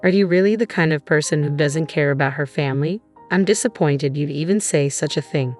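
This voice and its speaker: A man's voice: on the high side, a little fast, darkish tone, faint music behind, lightly acted. A woman voicing a controlling, dismissive husband who scoffs and sneers. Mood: scornful. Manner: dismissive, scornful. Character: smug controlling husband, adult man.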